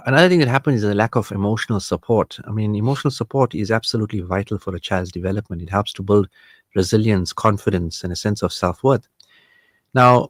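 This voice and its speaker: A man's voice: lowish voice, no echo, studio quality. A man hosting a family counseling show, talking earnestly and emphatically, acting out quoted dialogue in a conversational way. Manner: conversational with fillers and repetitions. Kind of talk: counseling talk show monologue.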